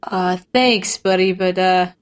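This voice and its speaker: Slow and steady in tone, a woman with a fairly low pitch takes on the role of a joking, cash-strapped freelancer. The mood is casual, and her talk stumbles along with hesitation, filler ums and quips.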